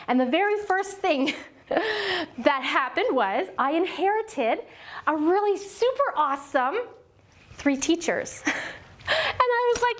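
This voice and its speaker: Woman, 40s, bright high voice, conference speaker, playful and dramatic, performs the voices of people she quotes. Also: unhurried. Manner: animated, self-mocking, acts out quoted voices. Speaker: workshop speaker on children's ministry. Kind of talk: lively conference workshop talk. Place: church workshop room with a small audience. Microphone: podium.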